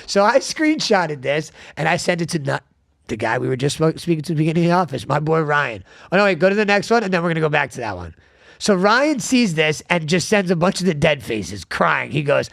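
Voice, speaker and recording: A man hosting a casual podcast, telling animated stories and swearing freely. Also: a little high, a little fast, creaky, dry recording, clean studio sound. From South Florida. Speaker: podcast host.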